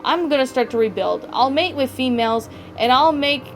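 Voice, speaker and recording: Sadistic raccoon villain read by a woman, sneering rants, fairly high voice. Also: animated, normal speed, faint music behind. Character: ruthless sadistic male raccoon businessman.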